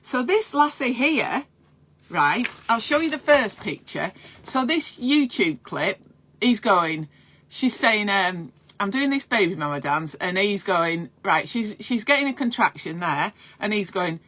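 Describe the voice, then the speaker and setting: Chatty, excitable midwife. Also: female voice, medium pitch, a little slow. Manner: chatty, excitable, self-mocking. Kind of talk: casual live chat to camera.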